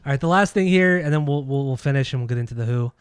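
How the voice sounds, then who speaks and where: A man's voice: medium pitch, racing, clear, resonant tone, dry recording, studio quality. A man co-hosting a casual music podcast, talking in a blunt, opinionated way and swearing freely. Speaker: podcast co-host. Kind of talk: casual chat about music and records.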